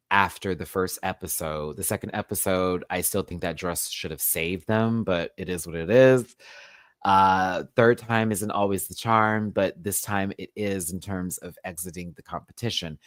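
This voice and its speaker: A man hosting a casual live review of a drag show, animated and sassy, jumping between loud outbursts and low mutters, with some swearing. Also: no room sound.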